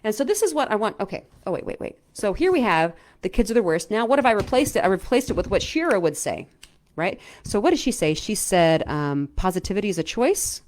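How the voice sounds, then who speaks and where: A middle-aged woman coaching viewers in a casual, chatty way, often checking in with "right?" and filling pauses with "um". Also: medium pitch. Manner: animated, chatty, lots of "right?" and "um". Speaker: self-help coach. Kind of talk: casual explainer talk to camera.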